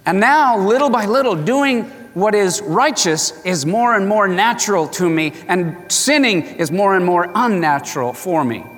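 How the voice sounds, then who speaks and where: A man's voice: high voice, animated, normal speed, few pauses, fairly bright tone. A man preaching a sermon with passion, now and then acting out the voices of the people he quotes. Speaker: pastor. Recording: reverberant hall.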